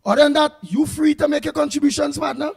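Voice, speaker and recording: A Trinidadian man hosts a call-in radio show in a strikingly high voice. He talks with emphatic force, often near a shout, as he fields callers. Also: fairly even intonation, fast, vocal fry. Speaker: radio talk show host.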